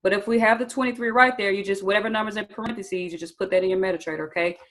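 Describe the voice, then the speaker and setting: Rapid-fire but steady, this young woman's medium-pitched, fairly bright voice comes through poor audio as she leads a live online trading session. She chats casually, says "you guys" and "y'all," and regularly asks "okay?" while requesting answers in the chat.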